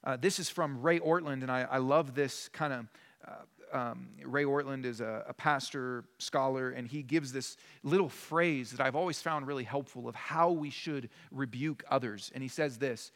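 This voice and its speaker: A man's voice: mid-range voice, normal speed, a bit bright, long reverb tail. A male pastor preaching a sermon in an earnest, emphatic, conversational way. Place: church sanctuary.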